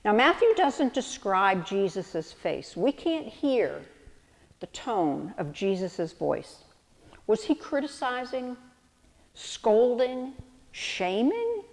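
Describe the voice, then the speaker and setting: A woman's voice: a little high, sing-song, slow pace, in a large hall. A woman pastor delivering a sermon, reflective and storytelling with vivid analogies.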